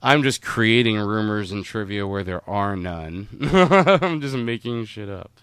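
A man's voice: lowish voice, lively intonation, a little slow, fairly bright tone, clean tone, no room sound, studio quality. A man in a casual chat about a movie, joking and sarcastic, laughing often and swearing casually.

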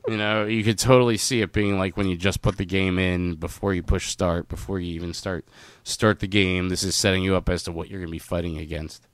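A man with a low, smooth, resonant voice rambles through a casual movie chat, joking and acting out scenes. The sound is close and dry. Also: steady tone, fairly quick, dry recording. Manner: rambling, jokey, acts out quotes.

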